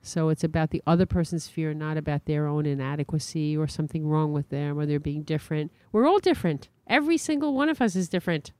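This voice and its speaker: Calm, mellow-voiced woman psychologist. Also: low-pitched, fast, few pauses. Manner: calm, thoughtful, reassuring. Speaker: psychologist and guest. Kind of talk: interview answer.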